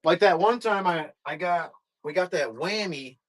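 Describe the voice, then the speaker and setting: A man's voice: high-pitched, measured pace, dry recording, studio quality. A middle-aged man, casually rambling to chat viewers while opening card boxes on a live stream. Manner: rambling, laid-back, talks to chat viewers.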